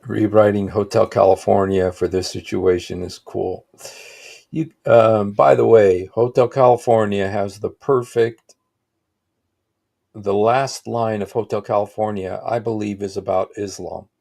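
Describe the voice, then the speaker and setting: A man's voice: fairly low pitch, steady tone, a little slow, vocal fry, a little mellow. A man hosting a livestream, giving rambling, casual reaction commentary with frequent exclaimed asides. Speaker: livestream host.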